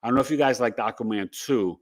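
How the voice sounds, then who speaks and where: A man's voice: mid-range voice, fast. A middle-aged man hosting an astrology livestream, chatting casually in a rambling, upbeat way with asides to his viewers. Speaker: astrology podcast host.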